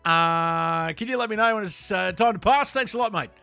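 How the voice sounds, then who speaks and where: A man's voice: sits high, moderate pace, gravelly, pushed and bright, smooth, faint music behind, pitched above the performer's own voice, exaggerated voice. Man putting on a broad ocker Aussie bloke. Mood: matey. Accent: broad Australian. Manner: cheery, drawling, laughing.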